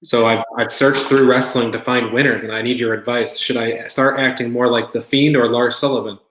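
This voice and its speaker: A man's voice: mid-range voice, steady tone, fairly quick, fairly bright tone, reverberant, rough recording. A man co-hosting a casual wrestling podcast, joking dryly and breaking down matches analytically. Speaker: podcast co-host.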